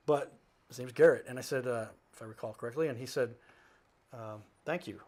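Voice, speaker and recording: A man's voice: mid-range voice, fairly quick. A man, a talk show host who is a guest here, telling a story in a casual, rambling way, with many asides and self-corrections and some laughter. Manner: animated, jumps between asides and self-corrections; laughs while he talks.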